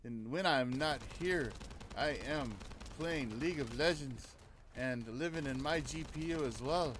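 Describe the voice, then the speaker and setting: A man's voice: a little high, a little slow, a bit bright, slight background noise. A man hosting a casual gaming podcast, talking in an easygoing, playful way. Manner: easygoing, playful sign-off talk. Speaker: podcast host and panelist.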